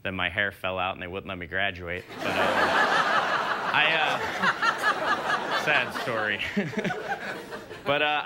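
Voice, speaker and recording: A man's voice: fairly low pitch, background noise. A young man performing a stand-up comedy set on a TV stage, talking in a casual, rambling, self-deprecating way. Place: TV studio stage before a live audience.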